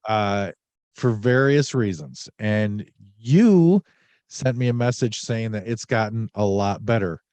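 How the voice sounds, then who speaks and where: Low-voiced guy hosting a podcast, feeling a bit sick, rambly and jokey, dry sound. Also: slow pace, darkish tone, smooth, no echo. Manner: rambling, joking, with many "uh" fillers. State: a bit under the weather. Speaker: podcast host. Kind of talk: casual podcast chat.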